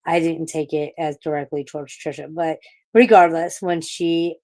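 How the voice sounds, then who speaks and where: A woman from St. Louis, USA, with a lowish, slightly mellow voice, rants profanely during a casual livestream chat as a panel participant. Her delivery is flat at a moderate pace, and she rambles, often restarting her sentences.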